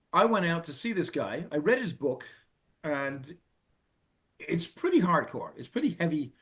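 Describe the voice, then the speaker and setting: A middle-aged Irish man telling a personal story in an earnest, halting way, restarting and repeating phrases for emphasis. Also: fairly high pitch. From Ireland. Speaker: speaker telling his own story.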